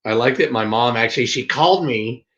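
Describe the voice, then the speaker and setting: A man's voice: medium pitch, fairly quick, fairly bright tone. A man co-hosting a casual live stream, playful and chatty, who jumps into silly voices. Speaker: co-host of a reselling live show. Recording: dull lo-fi stream audio.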